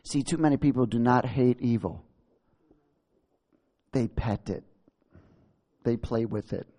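A man's voice: mid-range voice, measured pace, warm tone. A male pastor preaching and reading scripture aloud, exclaiming and laughing often. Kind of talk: sermon.

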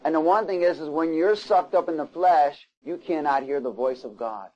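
A preacher with a fairly high, darkish-toned voice gives a sermon at a moderate pace. He reads scripture aloud, stopping for asides and questions to his listeners, and the recording sounds a little dull and lo-fi.

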